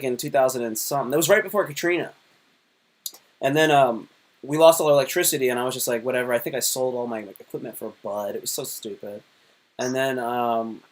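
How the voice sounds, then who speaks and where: A man in his thirties hosting a live stream, chatting casually and telling lively stories with many fillers. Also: medium pitch. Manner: animated storyteller, many fillers. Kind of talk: casual chat.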